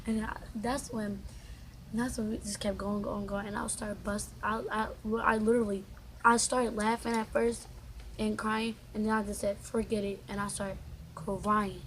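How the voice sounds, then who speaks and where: A young woman vlogger telling a storytime in casual, slangy, animated chat. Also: medium pitch, normal speed, a little hiss or hum, low-quality recording.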